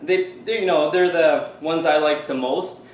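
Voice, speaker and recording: A Canadian fitness coach talks a little slowly in a slightly high voice while casually demonstrating a recipe to camera at home in his kitchen. His chat is loose and filled with "you know" and similar fillers, captured in a low-quality recording with room echo and a faint hiss or hum.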